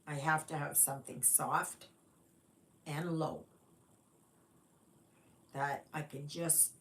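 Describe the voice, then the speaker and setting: A woman's voice: sits low, little pitch movement, a bit bright. A woman from Canada hosting a casual stitching livestream, chatting unhurriedly and greeting viewers by reading their comments aloud. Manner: unhurried, rambling with fillers. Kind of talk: casual live-stream chat.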